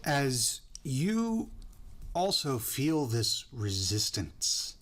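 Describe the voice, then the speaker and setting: A man running a tabletop game as dungeon master, narrating outcomes in a measured, descriptive way. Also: medium pitch, big pitch swings, a bit bright.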